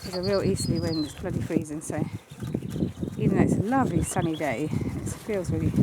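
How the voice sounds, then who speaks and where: A woman's voice: fairly low pitch, steady tone, brisk. A woman beekeeper chatting bluntly and coaxing her bees while she works on a hive outdoors in the wind. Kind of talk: casual hands-on commentary while working. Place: outdoors at beehives on a windy day. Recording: loud wind and bee buzzing behind.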